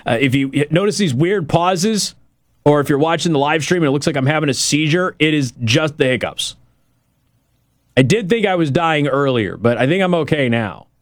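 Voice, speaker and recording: Animated man hosting political talk radio. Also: fairly high pitch, moderate pace, dry recording, clean studio sound. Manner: sarcastic, animated, with sudden loud bursts. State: hiccups. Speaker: radio talk show host.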